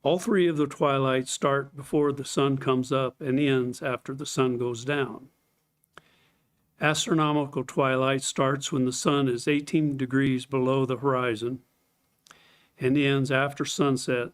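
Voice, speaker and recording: A man teaching a scripted Bible study lesson, explaining things step by step, reading scripture aloud and clearing his throat now and then. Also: medium pitch, little pitch movement, unhurried.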